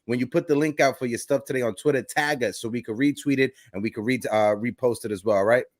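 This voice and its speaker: A man hosting a casual sports chat on a remote call, hyped and quick with shout-outs. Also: medium pitch, no echo, clean studio sound. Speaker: host.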